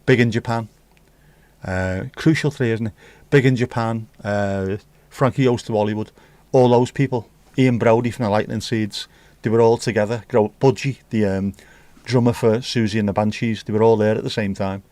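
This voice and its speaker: This is casual chat from a man livestreaming at home, reading viewer messages and teasing them cheekily. His voice is on the low side and darkish, with fairly even intonation, a moderate pace, and no echo.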